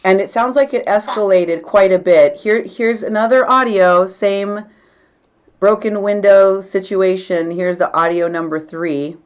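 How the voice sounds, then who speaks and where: A woman's voice: medium pitch, measured pace, smooth. A woman hosting an interview casually, playing clips and prompting her guest with questions. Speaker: interview host.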